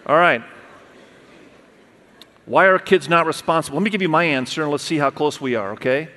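Middle-aged male pastor, sermon, fairly high voice, long hall reverb, animated, addresses the room. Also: a little fast. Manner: animated, talks straight to the congregation with questions. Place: church auditorium.

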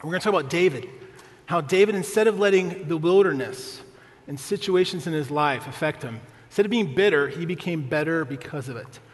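A man's voice: fairly high pitch, fairly quick, in a large hall. A male pastor preaching a sermon, telling a family story with humor and often asking the congregation "right?".

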